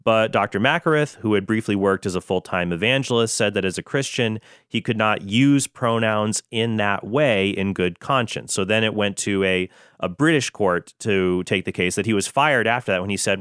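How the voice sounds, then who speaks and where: A man's voice: fairly low pitch, brisk, fairly bright tone, smooth, no room sound, studio quality. A man hosting his own commentary show, explaining a news case in an earnest, lecturing way with flashes of sarcasm. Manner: earnest, explanatory, with bursts of sarcasm and mock British impressions. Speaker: Catholic apologetics show host.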